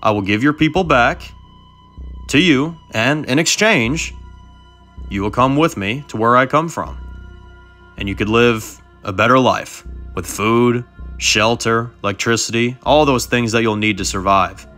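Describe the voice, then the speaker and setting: A man's voice: medium pitch, a little slow, pushed and bright, faint music behind. Man doing Audrin, a taunting mercenary. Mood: menacing. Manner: drawling, mocking, calls people darling. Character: swaggering male mercenary with a chainsaw.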